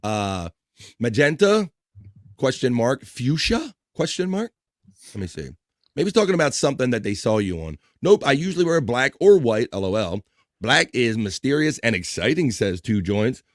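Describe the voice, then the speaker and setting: A man's voice: mid-range voice, very animated, no echo, studio quality. A man hosting a livestream, reading out and teasing chat comments in a hyped, joking way. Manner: hyped, teasing, quick shout-outs. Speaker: livestream host.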